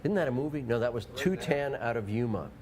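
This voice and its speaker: A man's voice: medium pitch, expressive, fast, crowd noise. A man co-hosting a local TV deals show, chatting and teasing his co-host in a playful, easygoing way. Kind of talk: casual on-air banter. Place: local TV studio.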